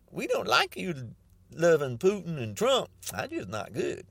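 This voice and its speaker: Animated ranting man, mocking and repetitive. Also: on the high side, unhurried, creaky, breathy edge, dry recording. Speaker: podcaster. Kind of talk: political rant monologue.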